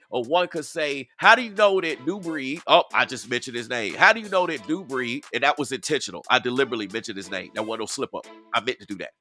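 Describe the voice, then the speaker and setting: With a sharp tone in a mid-range voice, an online commentary host talks to his viewers outdoors during a casual live stream. He's emphatic and repetitive, restating points for effect.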